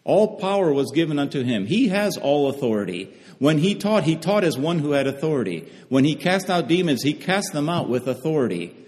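A man's voice: a little high, big pitch swings, fairly quick, few pauses, a little mellow. A man preaching a sermon in an earnest way, often repeating phrases for emphasis. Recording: long hall reverb.

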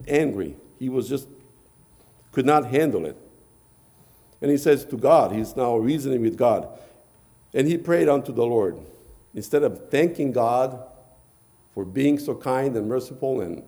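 A man's voice: medium pitch, gravelly, mellow. A man preaching a sermon, retelling scripture in archaic phrasing and often repeating words.

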